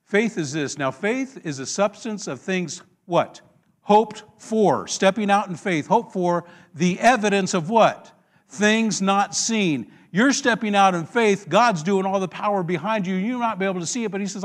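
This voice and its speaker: A male pastor preaching a sermon, telling a story with lively call-and-response questions to the congregation. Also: high-pitched, normal speed.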